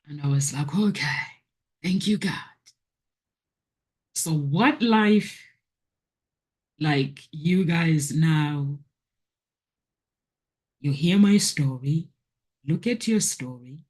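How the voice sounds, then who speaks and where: A woman's voice: low voice, lively intonation, very slow, pauses often, a little mellow. A woman vlogger giving a personal spiritual testimony in an earnest, preachy manner, often repeating phrases for emphasis. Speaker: motivational vlogger.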